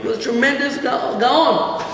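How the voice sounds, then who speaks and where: A man with a strikingly high voice teaches a Torah class as a rabbi, telling his story with animation and playing out each character's words. He is recorded in a big echoing hall with a long, ringing tail. A faint hiss runs underneath. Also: normal speed, a bit bright. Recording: echoey hall with faint noise.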